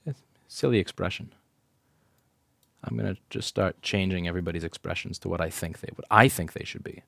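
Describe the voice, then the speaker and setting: A man's voice: fairly low pitch, no room sound, studio quality. Blunt, profane repair technician man. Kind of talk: hands-on repair tutorial. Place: repair shop workbench.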